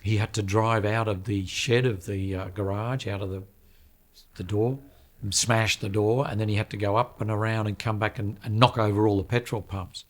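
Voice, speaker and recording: Man recalling a stunt, low voice. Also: steady tone, normal speed. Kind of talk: recalled film anecdotes.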